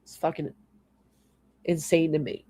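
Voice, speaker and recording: Deep-voiced and dark in tone, a female YouTube livestreamer rants a little slowly with a steady delivery. Exasperated and angry, she swears often and interrupts herself to read and thank her chat commenters.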